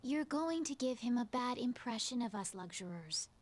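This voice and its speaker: A woman's voice: fairly high pitch, lively intonation, moderate pace. An actress playing a reserved young female samurai apprentice with a dry, cutting manner. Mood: cool.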